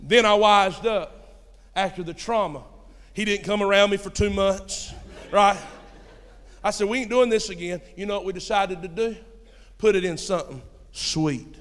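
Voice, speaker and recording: A high-voiced young pastor with a drawl preaches in a church sanctuary. He tells folksy stories and swings between hushed asides and shouted points. A long hall reverb trails every phrase. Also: normal speed. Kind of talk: sermon.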